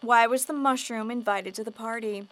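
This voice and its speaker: A woman's voice: on the high side, steady tone, normal speed, a bit bright. A woman hosting who tells a pun and signs off the show in a dry, mock-stern way. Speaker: host signing off.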